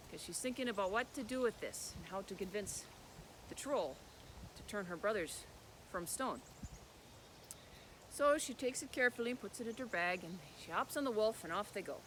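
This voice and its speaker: A man telling a folk tale as a storyteller, animated, with sound words. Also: sits high, noisy background.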